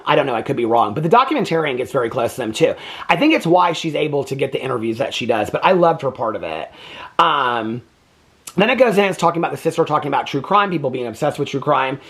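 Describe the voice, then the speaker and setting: A man hosting a casual reaction commentary on a true crime documentary, talking in an indignant, emphatic way. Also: fairly high pitch. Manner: animated, indignant.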